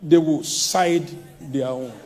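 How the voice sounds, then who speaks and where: A man preaching a sermon, emphatic, swinging from loud shouts to low asides and mimicking people mid-sermon. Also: fairly even intonation, takes it slowly, faint music behind.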